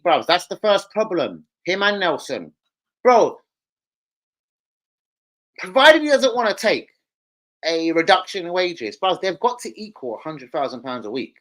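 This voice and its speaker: Man, British accent, livestream host, sweary, excitable, lively swooping pitch. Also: low-quality recording. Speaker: live stream host. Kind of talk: casual football fan live stream.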